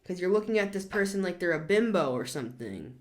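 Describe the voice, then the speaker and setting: Very animated and fairly quick, a woman in her thirties scolds and speaks bluntly while doing a casual tarot reading. She's emphatic throughout, with sudden bursts into a high register.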